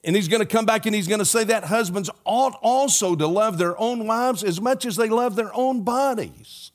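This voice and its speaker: A man's voice: high voice, moderate pace. Older man preaching with earnest repetition. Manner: earnest, repetitive preaching cadence with folksy asides. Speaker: pastor. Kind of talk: sermon.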